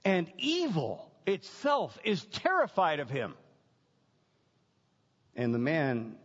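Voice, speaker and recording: A man preaching a sermon as pastor, emphatic, building points through repetition and dramatic pauses. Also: mid-range voice. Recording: dull lo-fi sound with long hall reverb.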